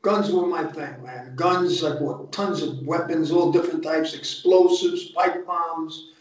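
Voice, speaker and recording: Speaking in an unhurried way at a fairly high pitch, a retired undercover agent with a North Jersey accent recounts his experiences in a relaxed interview. The older man is blunt, swears freely and has a streetwise storytelling style. His audio comes through remotely, muffled, echoey and far off.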